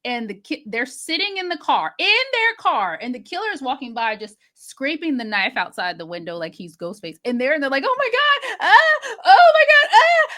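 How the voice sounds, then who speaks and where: A woman co-hosting a podcast, recapping a movie in casual chat with expressive, exasperated asides. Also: on the high side, a little fast, few pauses. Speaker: podcast co-host.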